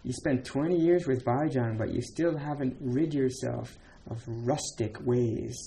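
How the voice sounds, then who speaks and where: A man's voice: medium pitch, unhurried, vocal fry, warm tone, a little hiss or hum. A man voicing an older male Zen teacher, blunt and pressing, in plain retold speech.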